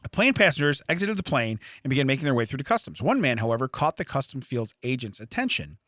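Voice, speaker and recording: A male comedy podcast co-host tells stories in casual conversation, speaking quickly at a medium pitch. His delivery is animated and he laughs often, and the studio-quality recording has no echo.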